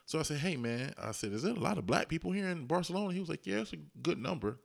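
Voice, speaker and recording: A man's voice: a little high, fast talker, creaky. A man co-hosting a casual chat, telling travel stories and acting out what people said. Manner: animated, acts out quotes with voices. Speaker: podcast co-host.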